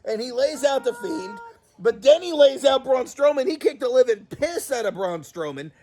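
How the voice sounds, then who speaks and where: Male host, higher-pitched voice, excitable, profane, laughs and shouts, casual reaction chat. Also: normal speed, slight background noise. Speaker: host of a toy and wrestling channel.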